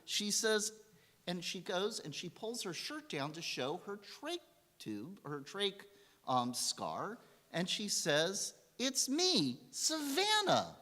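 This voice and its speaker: A man giving a holiday sermon as rabbi, telling a story and acting out the quotes in a lively way. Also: high voice, slow pace. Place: synagogue sanctuary. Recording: long hall reverb.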